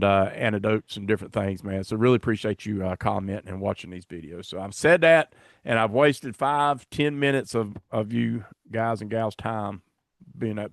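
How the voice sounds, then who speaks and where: A man's voice: fairly low pitch, dry recording, studio quality. A man hosting a podcast in casual chat, rambling and self-deprecating as he fumbles along. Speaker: podcast host.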